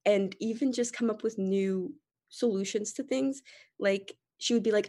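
A woman's voice: mid-range voice, fairly quick, a little mellow. A young woman, a guest on a group video call, talking in a rambling, heartfelt way with many fillers. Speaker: podcast guest. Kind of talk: casual sharing in a group call.

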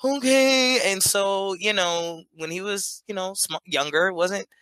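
Bright lively woman telling stories. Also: lowish voice, unhurried, clear, resonant tone, no room sound. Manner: animated storyteller, laughs often, acts out quotes. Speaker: podcast guest. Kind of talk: casual interview chat.

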